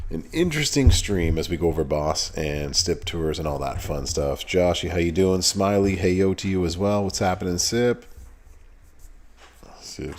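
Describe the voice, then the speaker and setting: A man's voice: deep voice, darkish tone. A man hosting a live game stream, greeting chat viewers by name in a laid-back, casual way and laughing often. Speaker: streamer host.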